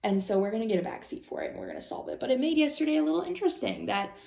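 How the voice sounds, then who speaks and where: Chatty young woman with a gravelly voice. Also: on the high side, wildly swooping pitch, rapid-fire, warm tone, echoey room. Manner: rambling, lots of "like" and "um", anxious retelling. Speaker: vlogger. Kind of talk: casual storytelling vlog.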